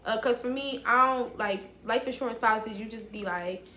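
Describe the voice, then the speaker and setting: A woman's voice: a little high, brisk, bright, forceful tone, echoey room, a little hiss or hum. A young woman, telling a raw personal story to her viewers, blunt and emotional and swearing freely. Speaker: vlogger. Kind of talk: candid storytelling to camera.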